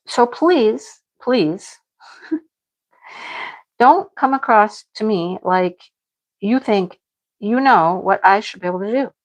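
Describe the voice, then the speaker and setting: Middle-aged woman livestream host, frank and exasperated, chatty with viewers. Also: mid-range voice. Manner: frank, exasperated venting with laughs. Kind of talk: casual chat with live viewers.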